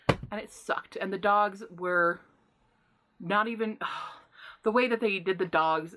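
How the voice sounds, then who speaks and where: A woman giving a casual book review, retelling plots in an animated, indignant rant with sighs and exasperated asides. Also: mid-range voice, takes it slowly, pauses often, noisy background.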